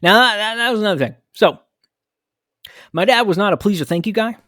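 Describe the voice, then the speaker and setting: A man's voice: high voice, fairly quick, bright, forceful tone, dry recording, studio quality. A man hosting a podcast, telling a candid, reflective story about his own childhood. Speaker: podcast host. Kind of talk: personal storytelling monologue.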